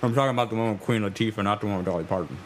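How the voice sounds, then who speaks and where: A man's voice: lowish voice, a little hiss or hum. A man co-hosting a casual podcast chat, joking and laughing as he talks. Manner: joking, quick laughs, puts on voices. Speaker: podcast co-host.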